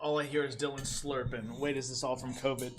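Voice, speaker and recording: A man hosting a casual live stream, reading viewer comments aloud in a relaxed way. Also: medium pitch, brisk, a little hiss or hum. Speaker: stream host reading chat.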